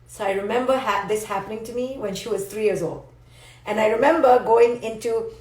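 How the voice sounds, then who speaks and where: A woman psychologist giving a playful, animated live talk to viewers and answering their comments. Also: fairly high pitch, moderate pace. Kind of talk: live-stream motivational teaching. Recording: roomy echo.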